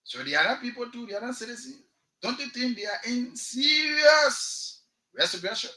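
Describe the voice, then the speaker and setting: A man's voice: very high-pitched, lively intonation, normal speed, sharp tone, reverberant, poor audio. Impassioned Liberian man on talk radio. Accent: Liberian English. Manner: impassioned, rhetorical, repeats questions. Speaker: radio talk show host. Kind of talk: political commentary monologue. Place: radio studio.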